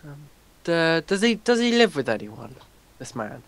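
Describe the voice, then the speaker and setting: Hesitant man with a lively pitch. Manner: hesitant, halting with fillers. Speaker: podcast co-host. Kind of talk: casual chat.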